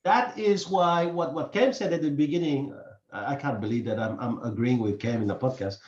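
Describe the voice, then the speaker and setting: A man hosting a casual podcast chat, speaking earnestly and haltingly, repeating words as he thinks, English not his first language. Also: medium pitch, a little mellow. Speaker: podcast host. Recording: echoey, dull room sound.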